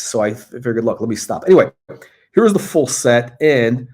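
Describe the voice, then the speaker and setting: A man's voice: mid-range voice, animated, moderate pace, a little mellow. Rambling, casual male livestream host. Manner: rambling, with many fillers and restarts.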